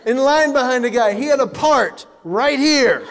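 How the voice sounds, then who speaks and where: A man performing stand-up comedy, telling animated stories and acting out what other people said. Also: extremely high pitch, moderate pace. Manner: animated storytelling, acts out other people's lines. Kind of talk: stand-up comedy to a live audience. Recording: hall reverb with faint noise.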